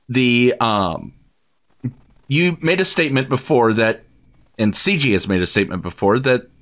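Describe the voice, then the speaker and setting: A man hosting a podcast, speaking hesitantly with many pauses and restarts. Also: medium pitch, fairly bright tone. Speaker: podcast host. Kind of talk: casual podcast chat.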